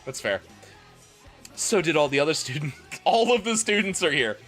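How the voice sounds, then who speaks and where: Bright-voiced man making wry asides. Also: a little high, sing-song, normal speed, faint music behind. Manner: dry, wry asides with crude swearing. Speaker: streamer reading a fanfic aloud. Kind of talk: comic dramatic reading with asides.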